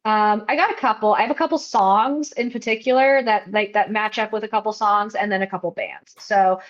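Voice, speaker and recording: A woman's voice: mid-range voice, steady tone, a little fast, muffled recording. A young woman co-hosting a podcast in casual chat, rambling and laughing at herself as she talks. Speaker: podcast co-host.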